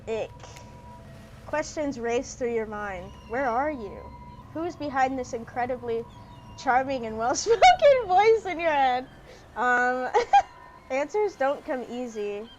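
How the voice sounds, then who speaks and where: Giggly high-voiced woman gaming streamer. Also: dull audio, noisy background. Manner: giggly, playful, reads story text aloud. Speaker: streamer playing a dating sim. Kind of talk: casual gaming commentary, reading game text aloud.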